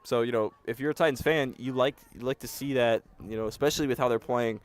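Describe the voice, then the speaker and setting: A man's voice: mid-range voice, quick pace, a little hiss or hum. A young man doing casual play-by-play commentary for a school sports broadcast, chatty and joking.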